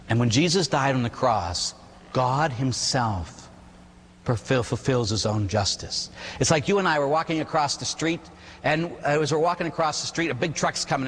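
A Catholic priest from the Pittsburgh area preaches in a large hall. His voice carries a long, echoing reverb over a faint hum. He speaks in an animated storytelling manner, slipping into quoted voices and tossing in quick tag questions. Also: mid-range voice. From Pittsburgh area, United States. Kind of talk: sermon.

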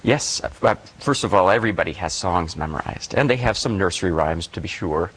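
A man with a fairly low voice talks in an interview about poetry. He is measured and thoughtful, and he grows enthusiastic as he explains verse and teaching. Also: expressive, fairly bright tone, breathy edge, low-quality recording. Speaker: poet and former teacher. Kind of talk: interview conversation.

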